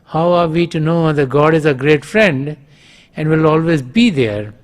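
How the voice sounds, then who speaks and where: Slow, measured male spiritual teacher. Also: a little high, animated. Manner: measured, with frequent pauses and fillers. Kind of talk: spiritual talk.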